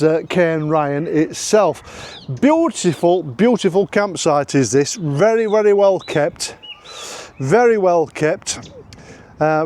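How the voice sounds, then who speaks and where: A middle-aged man with a Yorkshire accent speaks in a slightly high voice with a darkish tone. He vlogs his travels from a campsite on a handheld phone, jokey and chatty, repeating his phrases and often laughing.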